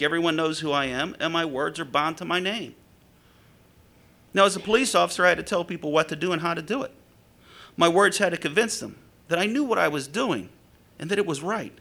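A middle-aged man, preaching a sermon and telling stories from his years as a police officer in a conversational way. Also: gravelly. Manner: conversational storytelling with lively pitch swings. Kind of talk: sermon with storytelling.

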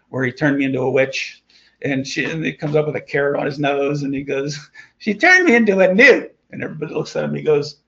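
A man's voice: a little high, gravelly, a bit bright, lo-fi sound. A man leading an informal Bible study, talking conversationally with chuckling asides as he reads and explains scripture.

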